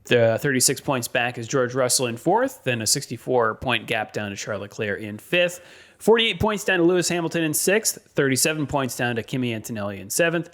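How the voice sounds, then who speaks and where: A man co-hosting a motorsport podcast, reading weather and standings in a steady way with frequent ums and uhs. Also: medium pitch, a little fast. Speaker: podcast co-host.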